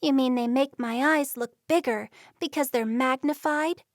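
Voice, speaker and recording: A woman's voice: sits high, normal speed, dry recording, studio quality, voice pushed up, natural voice. A woman voicing a reserved, stubborn young Amish woman in a storybook reading, speaking plainly. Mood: defensive.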